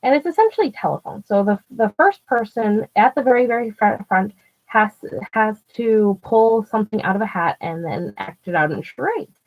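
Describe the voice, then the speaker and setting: A woman's voice: mid-range voice, lively intonation, normal speed. A woman vlogger telling stories in a casual, rambling way, full of "like", restarts and swearing. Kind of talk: casual storytelling. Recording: dull lo-fi recording with faint music.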